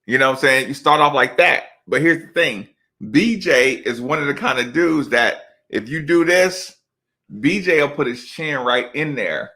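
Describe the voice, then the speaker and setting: A man's voice: medium pitch, normal speed, sharp tone. A middle-aged man, a former college basketball player, telling loose, slangy stories in casual chat with lots of asides.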